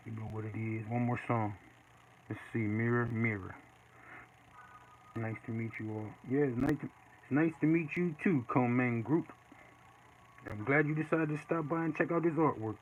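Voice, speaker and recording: A man casually chatting while he draws live, reading and answering viewer comments in a relaxed way. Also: mid-range voice. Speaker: artist streaming live. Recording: dull lo-fi with faint noise.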